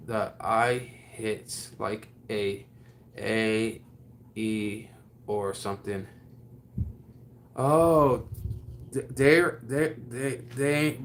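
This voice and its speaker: A man on a casual livestream who reads viewer comments aloud and chats in an excitable, slangy way full of restarts. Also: mid-range voice, a little hiss or hum. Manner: drawling slang with frequent restarts.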